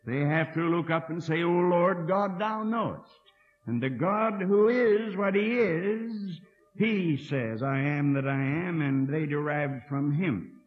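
Speaking slowly in a high, expressive voice, this sixty-something man delivers a sermon in a college hall. His manner is earnest and homespun, with wry remarks and words doubled back on while he gathers his thoughts. It comes from a muffled, low-fidelity 1960 archival tape.

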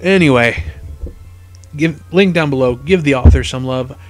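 A man narrating a fan story, rambling casually in his asides, his voice going hoarse. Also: medium pitch, moderate pace, soft background music. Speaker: storyteller, fan fiction reader.

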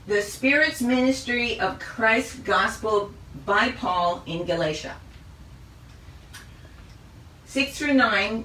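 A woman leads a Bible study at a very unhurried, measured pace, reading out a list of questions and going through her points one by one. Her voice is bright, clear, and on the high side. She's recorded from a distance in an echoey room, with a little hiss or hum.

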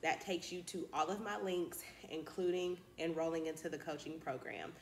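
Casting note: encouraging woman vlogger, slightly low voice, roomy home recording with faint hiss. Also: normal speed, a little mellow. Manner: chatty, encouraging, addresses viewers as y'all. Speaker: candle business YouTuber. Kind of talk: casual vlog talk to camera.

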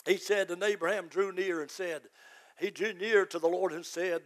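A man, a pastor, preaching a fervent sermon that rises to shouts. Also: sits high, fairly even intonation, moderate pace.

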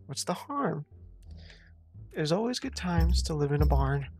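A gameplay commentator swearing, rambling and talking back to the game, breaking into sudden loud outbursts. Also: medium pitch, sing-song, a little slow, soft background music. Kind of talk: let's play commentary.

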